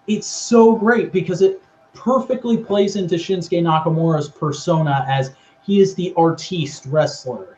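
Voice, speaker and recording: A man with a fairly high voice tells a story in an animated way, acting out the lines as he goes. His casual chat comes through a slightly muffled, lo-fi recording with a faint hiss behind it. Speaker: podcast co-host. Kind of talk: casual recap of wrestling storylines.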